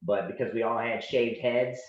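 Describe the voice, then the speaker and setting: A man in his forties tells a story casually as a podcast guest. His voice has a middle pitch. It is recorded in a roomy space that sounds a little dull and lo-fi. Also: normal speed. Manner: animated anecdotes, acting out dialogue. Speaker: podcast guest, Navy veteran.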